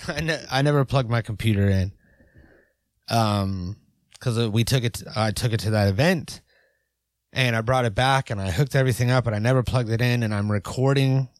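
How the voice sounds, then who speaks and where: A man's voice: medium pitch, dry recording. Guy hosting a podcast, rambly and chill, mid voice, dead dry mic. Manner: rambling, self-interrupting, easygoing. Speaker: podcast host. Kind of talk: casual chat.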